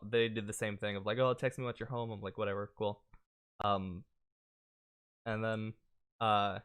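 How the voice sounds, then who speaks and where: A man's voice: mid-range voice, fairly bright tone, clean tone. A young man telling a long, rambling story on a podcast in a laid-back, casual way, with lots of fillers. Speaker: podcast host.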